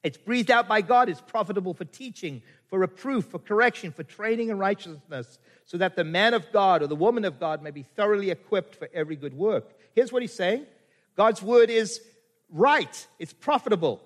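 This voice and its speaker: A man's voice: high-pitched, lively intonation, normal speed, fairly bright tone. A middle-aged man from Canada preaching a sermon, quoting scripture and asking his listeners rhetorical questions. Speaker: pastor.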